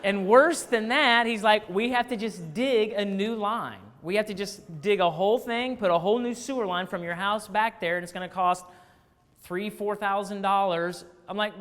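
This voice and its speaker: A man speaking to a live audience of staff, telling a story with animated quoted dialogue. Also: high-pitched, normal speed. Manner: animated, acts out phone calls in quoted voices. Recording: long reverb of a large hall.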